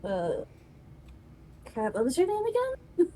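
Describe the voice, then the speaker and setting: A woman at a tabletop role-play table, talking in an unhurried, playful way with a somewhat high voice. She giggles often as she plays her part. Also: very animated, dark tone, slight background noise. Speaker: player.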